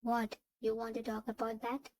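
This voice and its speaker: A woman's voice: a little high, little pitch movement, moderate pace, darkish tone, lightly acted. A woman voicing a flustered young woman student, nervous and pleading.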